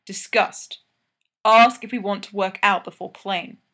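A woman's voice: medium pitch, steady tone, measured pace, bright, forceful tone. A woman reading aloud, voicing a sleepy, teasing male hockey player who speaks in clipped, broken English. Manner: clipped broken English, drops small words.

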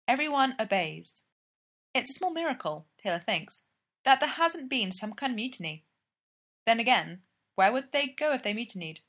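A woman narrating a story aloud with an expressive, lively delivery. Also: on the high side, moderate pace. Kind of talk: story reading.

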